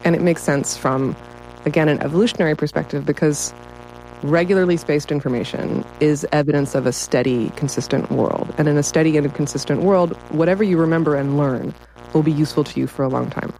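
A woman's voice: deep voice, a little fast, dark tone, slight background noise, rough recording. A woman writer talking as a guest in a casual interview, enthusiastic and often breaking into laughter.

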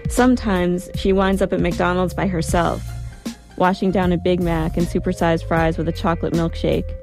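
Low-voiced woman narrating a memoir. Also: moderate pace, faint music behind. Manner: calm, reflective. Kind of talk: first-person story narration.

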